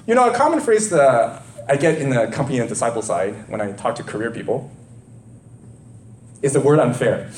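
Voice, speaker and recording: A man preaching a sermon in an animated, conversational way with many rhetorical questions. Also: medium pitch, brisk, long pauses, roomy sound.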